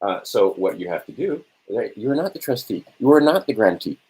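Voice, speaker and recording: Brief: man giving a casual lecture, low and husky, rhetorical, halting with fillers. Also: big pitch swings, a little mellow, poor audio. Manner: rhetorical, keeps checking in with "right?"; answers his own questions, halting with fillers. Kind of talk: informal lecture to a small audience.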